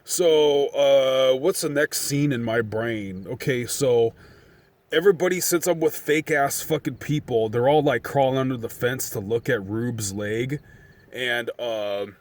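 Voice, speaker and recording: A man's voice: medium pitch, unhurried. Casual vlogger, male, thirties, mid-range voice; profane, meandering storyteller who heats up at the tense parts. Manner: profane, rambling, excitable when reliving events.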